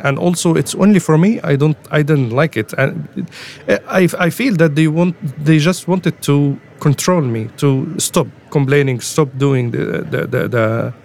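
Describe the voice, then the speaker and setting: A man speaking English, telling of his detention in halting speech full of repeated words and fillers. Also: fairly high pitch, darkish tone. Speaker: interviewee, former detainee. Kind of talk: personal testimony. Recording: faint music underneath.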